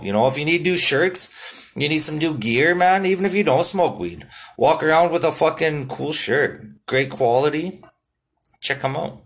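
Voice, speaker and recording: Laid-back, swearing podcast host. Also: male voice, on the high side. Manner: laid-back, swears constantly, lots of fillers. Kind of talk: casual solo podcast talk.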